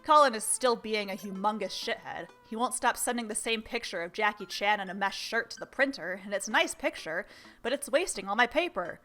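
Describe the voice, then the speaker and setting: A woman's voice: mid-range voice, expressive, fairly quick, pushed and bright, soft background music. Woman reading as a weary male teacher. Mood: exasperated. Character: tired grumpy male middle school teacher. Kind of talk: reading game dialogue aloud.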